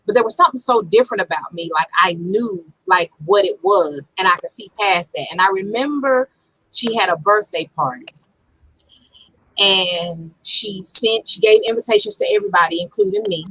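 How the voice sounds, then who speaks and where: A woman's voice: mid-range voice, big pitch swings, moderate pace, fairly bright tone, slight background noise, rough recording. A woman sharing a personal childhood story earnestly in a casual panel discussion. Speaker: panel guest.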